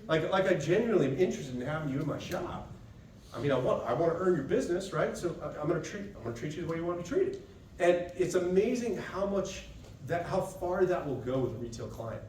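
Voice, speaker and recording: A man leads a trade-show seminar in a relaxed, talky way, tossing in "right?" as he goes. His voice sits a little high and sounds distant from the microphone. Faint room ambience hangs behind him. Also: fast, a little hiss or hum. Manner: casual, conversational, keeps asking "right?". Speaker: seminar presenter to dent repair technicians. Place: expo session room. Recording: echoey room, voice picked up from a distance.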